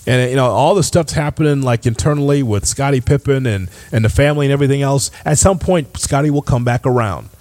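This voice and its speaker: A man's voice: medium pitch, quick pace, few pauses, a little mellow. A man hosting a sports podcast, ranting in an exasperated, emphatic way. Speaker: podcast host. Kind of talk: opinionated sports commentary.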